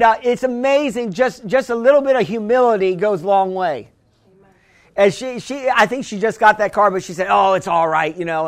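A pastor preaching a conversational sermon, often restarting phrases and asking the congregation whether they hear him. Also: male voice, high voice. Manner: conversational preaching with frequent restarts and call-and-response questions.

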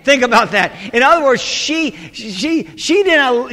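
An emphatic male pastor with a very high, bright voice, preaching a sermon in a church. He punctuates his points with repeated calls of amen, and his voice rings through a reverberant hall. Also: lively intonation, measured pace, hardly any pauses.

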